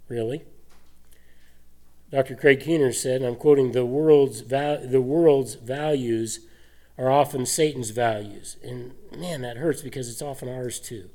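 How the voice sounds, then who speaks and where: A man preaching a sermon, animated and full of rhetorical questions and scoffing laughs. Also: mid-range voice, measured pace. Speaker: pastor.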